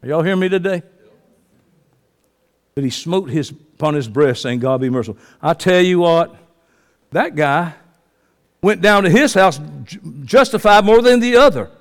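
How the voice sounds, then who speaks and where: Fiery preacher in a reverberant church. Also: male voice, sits high, expressive, normal speed, long pauses. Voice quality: passionate, swings from soft to shouting. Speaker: pastor. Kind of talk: fiery sermon. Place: church sanctuary. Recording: long reverb of a church hall.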